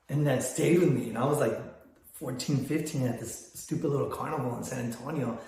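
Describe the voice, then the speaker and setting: An older man who vlogs about his photography business talks fast in a medium-pitched, darkish voice. He rambles through stories, restarting often, in a casual vlog recorded in a very echoey room.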